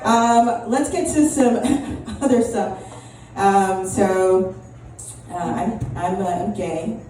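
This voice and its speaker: A young stand-up comedian does an open mic set in a small comedy club, rambling and self-deprecating with lots of ums and restarts. Her medium-pitched voice is mellow and slow, picked up by a distant mic in an echoey room with audible room noise.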